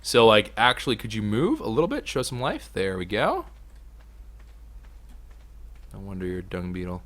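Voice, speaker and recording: Excitable young man with a bright voice. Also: fairly low pitch, moderate pace. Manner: excitable, swings from mutters to loud outbursts. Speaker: gaming YouTuber. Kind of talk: casual let's play commentary.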